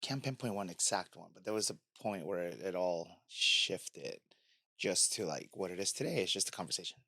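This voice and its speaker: A man's voice: low-pitched, animated, moderate pace, vocal fry, sharp tone, no room sound, studio quality. A man in a casual interview, telling stories as a guest and acting out the lines of people in them. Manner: storytelling, acts out quoted dialogue. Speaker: podcast guest and media host.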